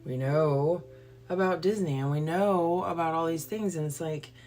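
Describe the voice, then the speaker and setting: Woman, low voice, profane livestream rant, blunt and fired up, faint music behind. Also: moderate pace, a little mellow. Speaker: livestream host. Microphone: phone or computer livestream.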